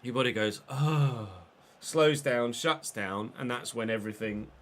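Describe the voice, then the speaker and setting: A man with a cough, streaming a football game and commentating live, excitable and swearing freely while chatting to viewers. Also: medium pitch, moderate pace. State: unwell, coughing. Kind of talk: live gameplay commentary and casual chat.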